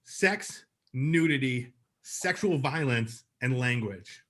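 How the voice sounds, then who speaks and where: A man co-hosting a podcast reviews a TV episode in a chatty, upbeat way with lots of fillers. His mid-range voice is animated and a bit bright, and he speaks at a slow pace.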